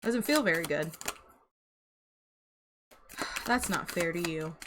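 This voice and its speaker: A woman's voice: fairly low pitch, animated, takes it slowly, fairly bright tone, slight background noise. A young woman giving a casual tarot reading to camera, chatty and sympathetic, laughing and sighing often. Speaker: tarot reader.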